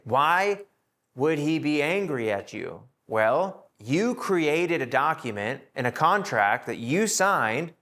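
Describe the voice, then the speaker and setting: A man teaching a Bible study to a live group, acting out the people in his stories with shifts in his voice. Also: fairly bright tone. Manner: acts out quoted voices with shifts in pitch.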